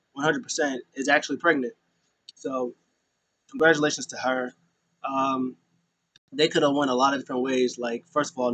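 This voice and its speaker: A man casually recapping a wrestling show, rambling with lots of fillers and quick voiced asides. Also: medium pitch, fairly bright tone, rough recording.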